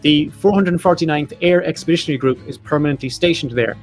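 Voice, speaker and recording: A man's voice: fairly high pitch, fast talker, soft background music. A man hosting a podcast, reading off facts and lists in a casual chat with jokey asides. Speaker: podcast host.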